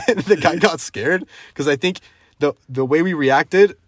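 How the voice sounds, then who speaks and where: A young man hosting a casual podcast, telling a story in an animated way and laughing often. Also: a little high, a little slow, dry recording, studio quality. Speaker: podcast host. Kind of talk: casual chat.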